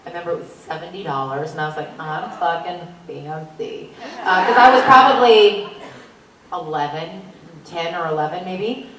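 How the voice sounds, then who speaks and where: A woman's voice: on the low side, lively intonation, a little fast. A woman telling a wry, offhand childhood story on a convention panel. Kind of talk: casual anecdote to an audience. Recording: echoey hall, distant mic, noise.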